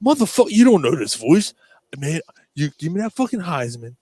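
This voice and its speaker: A man doing a loud crude celebrity impression. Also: fairly high pitch, big pitch swings, a little fast, dry recording. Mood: menacing. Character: menacing, boastful male celebrity impression.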